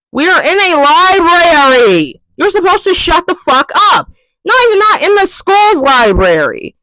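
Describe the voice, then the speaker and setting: A young woman rants with lots of swearing, her high voice swinging widely as she snaps into loud outbursts. The sound is dry and close, with no room around it. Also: very animated, measured pace, no room sound, rough recording. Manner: exasperated, swearing rant. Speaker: vlogger. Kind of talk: ranting vlog monologue.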